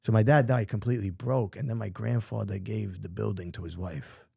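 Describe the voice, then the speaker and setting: A middle-aged New Yorker, appearing as a podcast guest, recounts his life story in blunt, emphatic, profane street talk. His lowish voice is steady, brisk, gravelly and mellow with a breathy edge, recorded clean in a studio with no room sound.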